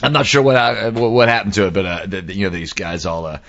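A man casually telling an animated anecdote, acting out the people in it and singing sound effects. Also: low voice, fast, creaky, dull audio. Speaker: storyteller.

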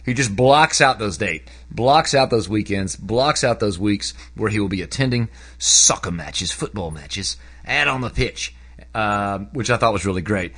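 A man talking casually about a book he read, rambling with lots of fillers, his voice jumping up when he gets excited. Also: fairly low pitch, measured pace. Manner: animated, voice jumps up when excited. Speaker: book reviewer. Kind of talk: casual spoken book review.

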